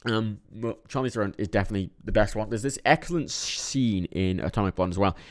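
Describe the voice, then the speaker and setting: A young man casually reviewing films, rambling, swearing often, with sudden animated bursts and a tired edge. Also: lowish voice, quick pace. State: a bit tired. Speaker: film reviewer. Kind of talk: casual monthly movie review vlog.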